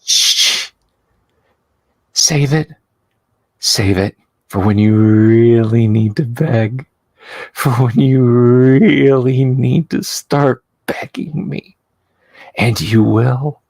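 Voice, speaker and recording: An insane woman sculptor who giggles and taunts in a sing-song voice, as a man puts her on for a tabletop horror game. She drawls slowly and creepily. The sound is close and dry. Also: mid-range voice, vocal fry, a little mellow, no room sound, heavily acted. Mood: hushing, taunting.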